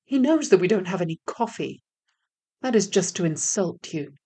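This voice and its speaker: A woman's voice: lowish voice, animated, normal speed, warm tone, slightly rough. A woman voicing a poor farmer's wife in a storybook tale, plain and earnest. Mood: doubtful. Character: doubting, then loving poor wife.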